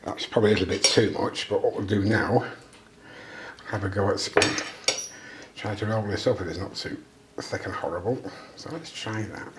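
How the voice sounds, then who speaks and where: A man's voice: fairly low pitch, moderate pace, long pauses, reverberant, noisy background. A British man cooking at home and chatting casually to the camera, making self-deprecating jokes as he goes. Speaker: vlogger. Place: home kitchen.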